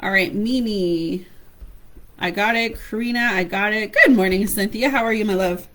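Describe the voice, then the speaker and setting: A woman reads tarot cards live for her viewers, calling each by name and using endearments like honey and my love. Her voice is slightly hoarse from talking so long. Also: medium pitch, normal speed, a bit bright, rough recording. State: losing her voice. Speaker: tarot reader. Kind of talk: live-stream tarot reading.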